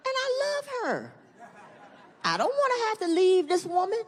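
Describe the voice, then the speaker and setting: A woman performing a stand-up comedy routine, animated and profane, acting out the voices of other people. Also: very high-pitched, moderate pace, a crowd in the background, noisy background. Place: comedy stage before an audience. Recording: live stage recording with hall echo and audience.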